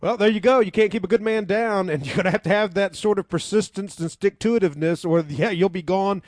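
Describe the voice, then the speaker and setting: A man speaking as a guest on a talk radio show, wry and measured. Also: sits high, darkish tone, no echo, studio quality.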